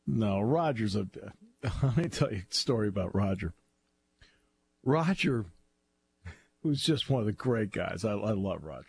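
A man hosting a sports talk radio show, chatting casually and telling animated stories with frequent laughter. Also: on the low side, unhurried, gravelly, pauses often, slightly rough, dry recording. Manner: animated storyteller, laughs often.

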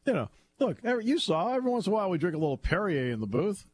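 A man hosting a sports talk radio show, chatting casually and telling animated stories with frequent laughter. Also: sits high, racing, slightly rough. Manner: animated storyteller, laughs often.

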